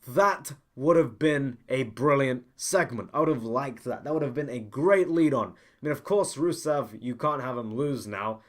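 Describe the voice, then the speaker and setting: A man's voice: mid-range voice, normal speed, few pauses. A young man hosts a podcast and rants through his opinions in a blunt, unpolished way. He often cuts himself off and restarts mid-sentence. He keeps returning to the same complaints with heated insistence. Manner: blunt and ranting, with frequent restarts. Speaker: podcast host. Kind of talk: opinionated wrestling podcast commentary.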